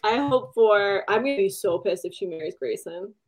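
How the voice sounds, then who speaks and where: Young woman cohost, chatty, laughs a lot, normal pitch. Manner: chatty, quick reactions, laughing. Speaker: podcast co-host. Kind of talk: casual chat.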